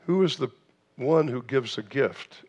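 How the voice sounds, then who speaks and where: A man's voice: mid-range voice, lively intonation, measured pace, darkish tone. A man preaching a sermon in a church, asking rhetorical questions, with frequent restarts and fillers. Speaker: pastor.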